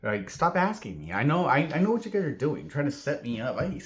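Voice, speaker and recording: A man's voice: mid-range voice, brisk. A man from Southern California telling a personal story in a rambling vlog, heavy on fillers and acting out the voices of the people in it. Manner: filler-heavy, animated, acts out quoted voices. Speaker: vlogger.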